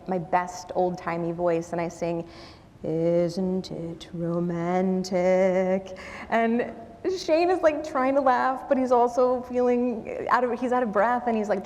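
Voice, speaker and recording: A woman's voice: mid-range voice, a little mellow. Storytelling woman in a reverberant hall. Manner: conversational, self-deprecating with frequent ums and asides. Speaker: guest speaker. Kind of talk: storytelling talk.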